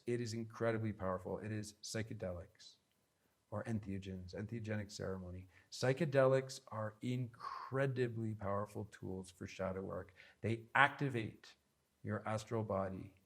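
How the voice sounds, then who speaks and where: A man giving an instructional talk on spiritual practice, earnest and emphatic, with many repeated phrases. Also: mid-range voice. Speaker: spiritual teacher.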